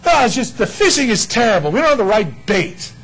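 A man's voice: extremely high pitch, big pitch swings, a little fast, fairly bright tone, slightly rough, full character voice, low-quality recording. A man voicing grumbling, cocky fishermen in slangy, casual talk.

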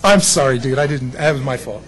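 A man preaching a sermon as pastor, animated, acting out other people's voices with self-deprecating humor. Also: medium pitch, fairly quick, crowd noise, poor audio.

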